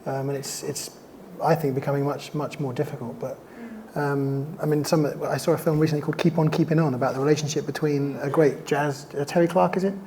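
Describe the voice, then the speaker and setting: A documentary filmmaker speaking on a festival panel, telling stories quickly and enthusiastically, often correcting himself mid-sentence. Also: male voice, fairly high pitch, level tone, dark tone, slight background noise. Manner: rapid, enthusiastic, self-correcting storytelling. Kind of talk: casual panel discussion.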